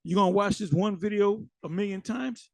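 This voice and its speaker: A man's voice: high-pitched, fairly quick, creaky, a little mellow, dry recording. A man giving blunt, mocking commentary as he reacts to online videos. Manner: mocking, blunt, swears freely.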